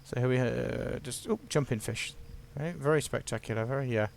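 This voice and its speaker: A man's voice: mid-range voice, brisk, vocal fry, a little hiss or hum. A man giving casual, playful, self-mocking commentary while narrating his gameplay.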